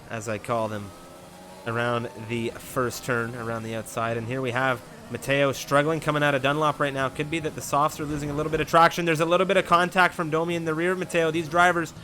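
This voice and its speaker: A man commentating a sim-racing league race, building to near-yelling in close battles. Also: medium pitch, little pitch movement, fairly quick, background noise. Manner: rises to loud half-yelling in battles. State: catching his breath.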